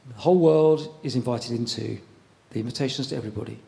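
Man, preacher, sermon, relaxed chatty delivery, frequent pauses and restarts. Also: mid-range voice, vocal fry. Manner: conversational, pausing, repeats words.

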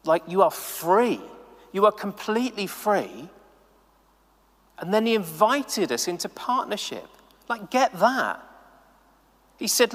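A man preaching a sermon to the camera in a chatty, animated way, full of casual asides. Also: high voice, slow pace, pauses often, in a large hall. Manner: animated, conversational, many "like"s. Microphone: camera mic.

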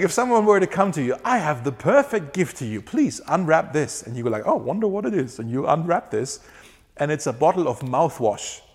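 A man preaching a sermon in an earnest way, often slowing down on key words and laughing now and then. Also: a little high, in a large hall. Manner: earnest, varies pace for emphasis, laughs often. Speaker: pastor.

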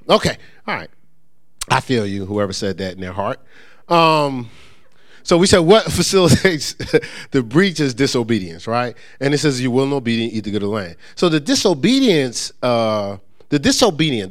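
A male pastor preaching a conversational sermon, joking with the congregation and stumbling into quick repeats and restarts. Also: medium pitch. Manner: lively, joking asides to the congregation.

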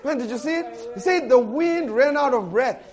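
A man preaches with a high, lively voice. He breaks into loud bursts when he quotes, and he laughs often as he talks. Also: normal speed. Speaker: pastor. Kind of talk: sermon.

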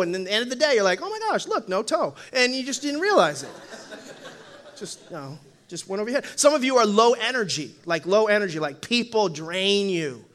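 A male pastor preaching a humorous sermon in church, telling animated stories and acting out voices with frequent laughter. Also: very high voice. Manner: animated storytelling, acts out voices, laughs often.

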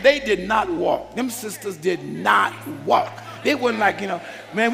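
A man preaching a sermon as a bishop, calling out to the congregation and building into shouts. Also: sits high, moderate pace, vocal fry. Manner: call-and-response preaching, swells into shouts. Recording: long hall reverb with faint music.

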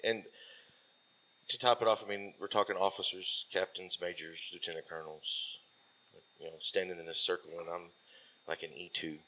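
A man in his forties, a military veteran guest, telling a casual rambling story full of fillers that often trails off softly. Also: low voice, flat delivery, moderate pace.

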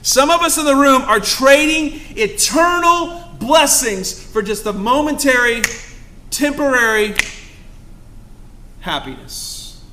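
Man preaching, bright high voice, fervent and emphatic, faint hiss behind. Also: a little slow. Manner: fervent, rising to emphatic exclamations. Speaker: pastor. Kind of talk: sermon.

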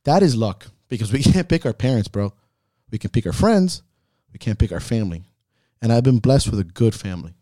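A man's voice: medium pitch, lively intonation, fairly quick, dark tone, dry recording, studio quality. A man hosting a podcast, telling heartfelt personal stories in casual talk full of swearing. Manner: profane, heartfelt storytelling. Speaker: podcast host.

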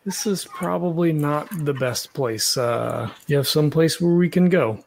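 A man voicing a quiet, guarded young man. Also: fairly high pitch, measured pace, creaky, a little hiss or hum. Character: wary young man trying to look meek.

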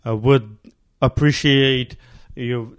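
A man's voice: mid-range voice, steady tone, slow pace, dry recording. A man hosting a casual podcast, rambling and laughing as he tells stories and thanks listeners. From immigrant who arrived near his teens. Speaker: podcast host.

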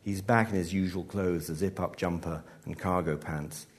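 An author reading his own short story aloud at a live event, in a measured, dry manner. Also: sits low, fairly even intonation.

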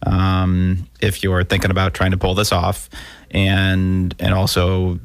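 A man's voice: sits low, completely flat delivery, slow, gravelly, no room sound. A man co-hosting a money podcast, explaining steadily in casual chat with many fillers. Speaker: podcast co-host.

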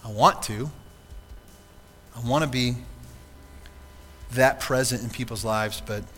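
Bright-voiced male pastor preaching in a hall. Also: mid-range voice, takes it slowly, slight background noise. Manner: earnest, conversational preaching with rhetorical questions. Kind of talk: sermon. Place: church sanctuary.

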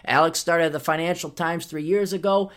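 A man's voice: fairly even intonation, a little fast, fairly bright tone. A male podcast host reading an article aloud and tearing into it with sarcastic commentary. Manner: sarcastic, mocking, voice jumps high when indignant.

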